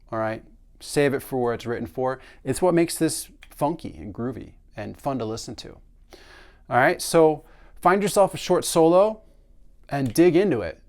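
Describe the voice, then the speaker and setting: Relaxed man teaching snare drum. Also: medium pitch. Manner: relaxed, conversational, sings drum patterns aloud. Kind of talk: casual instructional explanation.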